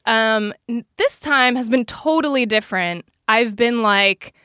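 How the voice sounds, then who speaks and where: A woman co-hosts a podcast from a small booth, talking frankly and with plenty of energy in a loose, casual way. Her voice is bright and a little high, and it sounds dry and close to the mic. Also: measured pace, smooth, dry recording. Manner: frank and animated, lots of likes. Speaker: podcast co-host. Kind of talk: casual chat about pregnancy.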